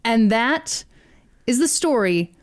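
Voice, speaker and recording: A woman's voice: a little high, animated, slow. A woman hosting a podcast, telling a story in a casual, jokey way with casual swearing.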